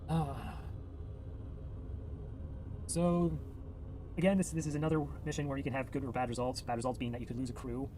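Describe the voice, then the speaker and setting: A man giving casual commentary on his own game run, thinking aloud, reading game text and counting out loud. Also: mid-range voice, steady tone, normal speed, long pauses, background noise. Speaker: gamer playing and narrating his old run.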